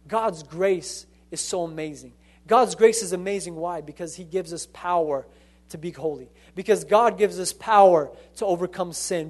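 Earnest high-voiced male preacher. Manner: earnest, repeats phrases, frequent restarts. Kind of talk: sermon.

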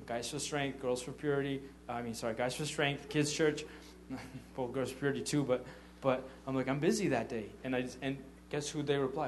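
A man giving an informal testimony sermon as a church leader, telling animated stories and acting out what people said, with frequent stammered restarts. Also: mid-range voice, slight background noise. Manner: animated storytelling, acting out quotes.

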